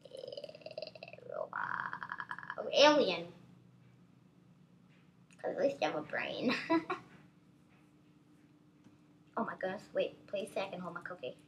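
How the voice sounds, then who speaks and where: A woman giving excitable, chatty gameplay commentary as a gaming channel host, constantly exclaiming at what happens on screen. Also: mid-range voice, normal speed, long pauses, a little hiss or hum.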